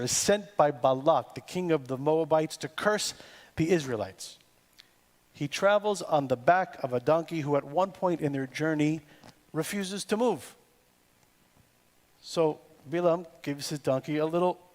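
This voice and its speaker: A man preaching a sermon as cantor in a synagogue, with a deliberate delivery built on poetic repetition. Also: fairly high pitch, darkish tone. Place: synagogue sanctuary. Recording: long reverb in a large hall with faint music.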